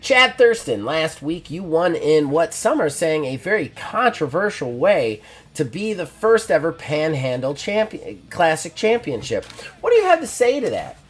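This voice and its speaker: A man voicing a male backstage wrestling interviewer who asks quick, formal questions. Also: fairly high pitch, very animated. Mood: probing.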